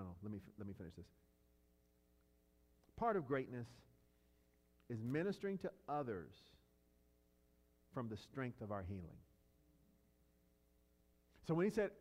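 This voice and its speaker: Male pastor, sermon delivery, animated pitch, builds to loud peaks and drops to quiet, chatty asides. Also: long reverb tail. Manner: dynamic preaching, swinging from loud emphatic peaks to low quiet lines; conversational asides and storytelling with fillers and restarts.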